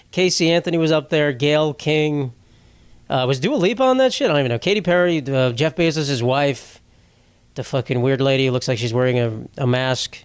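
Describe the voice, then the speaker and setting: A man's voice: mid-range voice, normal speed, smooth, no echo. A young man hosting a solo comedy podcast, rambling and swearing as he mocks himself. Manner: profane, rambling, self-mocking. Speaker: podcast host.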